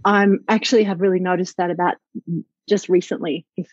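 A woman's voice: lowish voice, fairly even intonation, a little fast, no room sound. A woman, a business owner talking reflectively and with enthusiasm in a conversational interview, with many fillers. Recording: slightly dull lo-fi audio.

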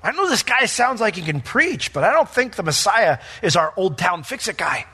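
A man's voice: high voice, sing-song, moderate pace, sharp tone, husky, voice pushed up, exaggerated voice. A man acting out a skeptical small-town neighbor who scoffs at the local carpenter's son. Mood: scoffing. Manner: mocking, chatty.

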